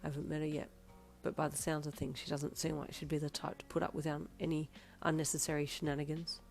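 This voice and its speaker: A woman reading a fan story aloud, voicing a teenage boy who talks softly and teasingly, with an air of mystery. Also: deep voice, flat delivery, quick pace, soft background music.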